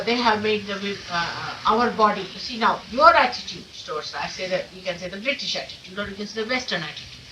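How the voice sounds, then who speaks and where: Emphatic woman teacher on an old distant tape. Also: medium pitch. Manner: emphatic, full of rhetorical questions. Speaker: spiritual teacher. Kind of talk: informal talk to followers. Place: meeting room of an ashram. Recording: distant mic with faint hiss, old 1979 tape.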